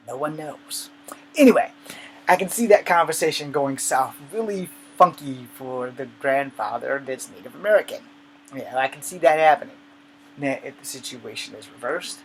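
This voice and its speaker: A man vlogging in a rambling, joking monologue, with sudden loud bursts between quieter asides. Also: medium pitch, a little hiss or hum, low-quality recording. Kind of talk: casual monologue.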